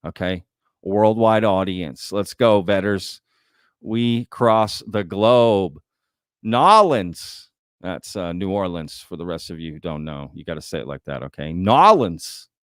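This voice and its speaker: A man from Texas talks loosely through his live stream, folksy and chatty as he addresses his viewers. His voice sits a little low and sounds smooth and clear. It is recorded dry and close to the mic. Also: steady tone, unhurried, no echo. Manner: casual, chatty, folksy with "y'all". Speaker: host. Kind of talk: live-stream news commentary.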